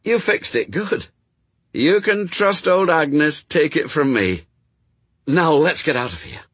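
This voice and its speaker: A man voicing a brisk, practical young woman in an audiobook, speaking firmly. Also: on the high side, animated, fairly bright tone, breathy edge, no echo, voice pushed up, heavily acted.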